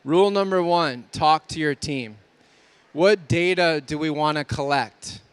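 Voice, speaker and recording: A man giving an energetic conference talk to exhibitors, asking many rhetorical questions. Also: a little high, measured pace, smooth, no echo. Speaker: conference speaker.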